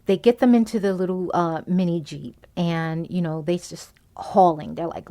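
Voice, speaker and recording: Podcast host, female, slightly low voice, loose and chatty, lots of "you know", acts out the characters' lines as she recaps the plot. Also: a little slow, few pauses. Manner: animated retelling, acting out the characters' lines. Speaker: podcast host reviewing a movie. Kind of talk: casual movie recap.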